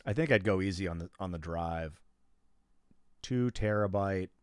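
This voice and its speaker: A man's voice: low-pitched, a little fast, no echo. Rambling slangy male streamer, dry sound. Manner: rambling, slangy, talks to chat viewers. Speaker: gaming streamer. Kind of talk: casual livestream chat.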